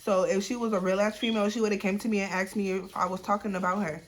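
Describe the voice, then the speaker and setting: A woman's voice: medium pitch, little pitch movement, fast, echoey room. A woman telling a storytime on her vlog, bluntly and profanely retelling a text-message argument in a heated voice.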